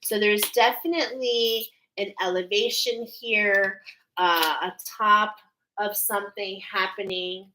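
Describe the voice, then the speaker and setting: Woman, intuitive card reader. Bright, forward tone, unhurried pace, earnest and heartfelt casual spiritual chat. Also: medium pitch, fairly even intonation, slight background noise, rough recording. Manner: earnest, heartfelt, meandering delivery.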